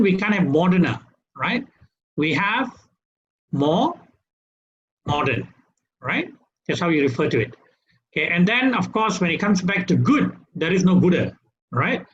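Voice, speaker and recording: A man with a Malaysian English accent teaches an online English class, his high voice rising and falling in a lively way. He keeps asking "right?" to check the class is following. The webinar audio is dull and lo-fi. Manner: lively, tag questions "right?" after each point. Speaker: English trainer. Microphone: webinar computer mic.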